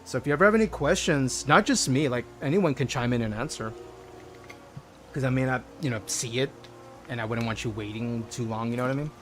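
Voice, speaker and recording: A man's voice: mid-range voice, a little fast, a bit bright, faint music behind. A man streaming a modded game, chatting casually with viewers and reading their chat messages aloud.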